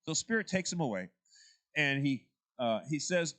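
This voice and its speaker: A man's voice: fairly high pitch, sing-song, normal speed, fairly bright tone. A man leading a church Bible study class, talking through the text in a conversational way and putting questions to the group.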